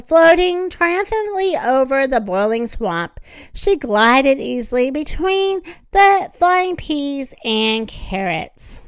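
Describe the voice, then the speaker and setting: A woman reading a children's story aloud in an expressive, animated way. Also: high voice, slow pace, no room sound.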